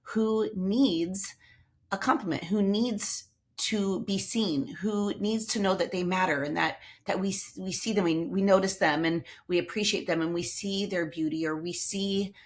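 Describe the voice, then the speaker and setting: A woman with a mid-range voice and unhurried pace hosts an upbeat motivational podcast, telling stories in an enthusiastic, chatty way.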